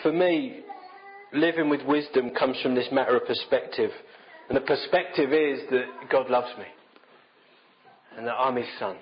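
A man's voice: medium pitch, normal speed, long pauses, lo-fi sound, slight background noise. A man preaching a sermon in a conversational, self-deprecating storytelling manner.

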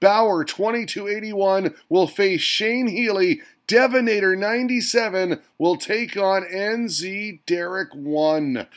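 Male host doing mock sports commentary, high-pitched and pumped, punchy hype calls. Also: slow, hardly any pauses, fairly bright tone. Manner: hyped announcer delivery with exclamations.

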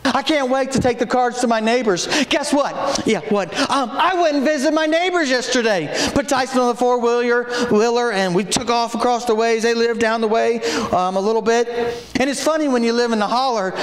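Brief: man, pastor, very high voice, folksy stories and shouted calls, echoey sanctuary. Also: fairly quick. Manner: folksy storytelling with sudden shouted exhortations. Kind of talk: sermon. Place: church sanctuary. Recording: echoey church room.

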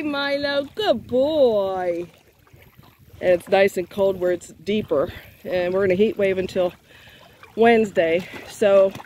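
A vlogger chats casually to her viewers outdoors by a lake, coaxing her dog along and praising it. Her voice is mid-range, with slight background noise.

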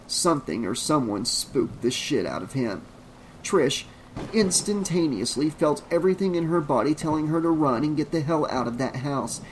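A man reading a horror novel aloud as an audiobook narrator, in a measured, suspenseful delivery. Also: a little high, expressive, a little hiss or hum, low-quality recording.

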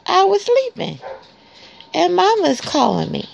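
A woman's voice: extremely high pitch, huge pitch swings, unhurried, vocal fry, a little hiss or hum, voice pushed up, full character voice. Woman voicing a whiny newborn puppy. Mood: indignant. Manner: pleading, complaining baby voice. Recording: dull lo-fi recording.

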